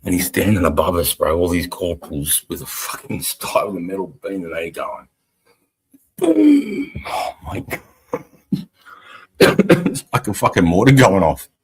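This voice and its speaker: A middle-aged Australian army veteran hosting a live stream, telling a war story in a blunt, profane, casual way. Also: male voice, low voice, normal speed, husky, poor audio.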